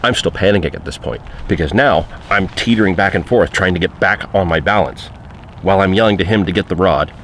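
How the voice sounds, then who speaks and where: A man's voice: low-pitched, brisk, fairly bright tone, a little hiss or hum. A man recounting a fishing trip in a casual spoken anecdote, conversational and full of fillers.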